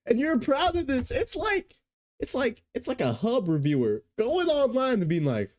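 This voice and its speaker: Incredulous woman with a lively voice. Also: normal speed. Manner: incredulous, slangy, swings from low mutters to squealing outbursts. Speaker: reaction commentator. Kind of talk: reaction commentary.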